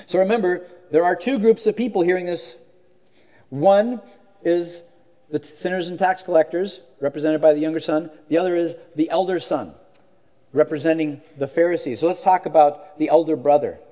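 High-voiced man preaching conversationally. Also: moderate pace, mellow. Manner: conversational preaching with rhetorical questions and restarts. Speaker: pastor. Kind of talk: sermon.

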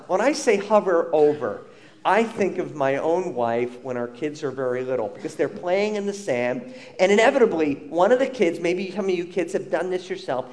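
A middle-aged man from Long Island, New York, preaching a sermon as pastor, animated and emphatic with bursts of loudness. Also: sits high.

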